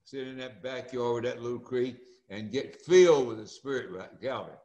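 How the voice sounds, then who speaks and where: An older man, telling stories in a folksy, animated way as an interview guest. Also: mid-range voice, normal speed, echoey room. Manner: folksy and animated, acts out quoted voices. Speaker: interview guest, former speaker and coach. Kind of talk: storytelling interview.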